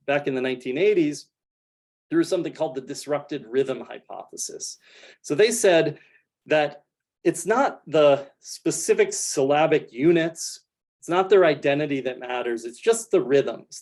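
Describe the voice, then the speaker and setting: A man's voice: fairly high pitch, darkish tone. Man giving an academic science lecture. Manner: explanatory, frequent hedging fillers like "kind of". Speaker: researcher giving a talk.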